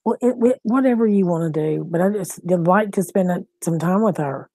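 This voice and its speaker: A woman's voice: fairly low pitch, brisk, warm tone, no echo, poor audio. A middle-aged woman hosting a casual live-stream chat from home, talking in an anxious, rambling way and repeating herself. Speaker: host.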